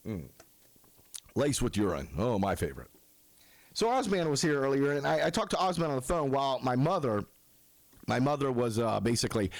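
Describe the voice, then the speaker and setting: Gravelly, lively-voiced man rambling on. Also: mid-range voice, no room sound. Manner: self-mocking storyteller, lively. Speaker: radio show host. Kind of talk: rambling casual monologue.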